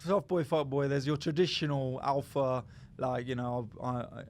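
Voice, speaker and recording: A man's voice: mid-range voice, flat delivery, normal speed, a little mellow, a little hiss or hum. A man hosting a casual podcast, reading listener texts aloud and chatting. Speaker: podcast host.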